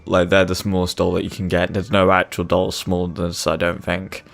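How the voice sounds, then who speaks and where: Gravelly man playing games. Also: low voice, completely flat delivery, a little fast. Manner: joking, rambling, self-deprecating. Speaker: game commentator. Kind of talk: casual let's-play commentary.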